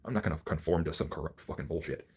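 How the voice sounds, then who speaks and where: A man ranting to the camera in a profane solo monologue, angry, swinging from low mutters to near-shouts. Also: racing, husky.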